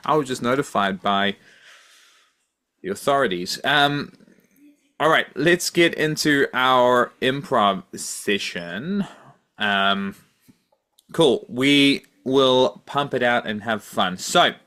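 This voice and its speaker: A man hosting a podcast in casual chat, easygoing and filling pauses with ums. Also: mid-range voice, lively intonation, sharp tone. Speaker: podcast host.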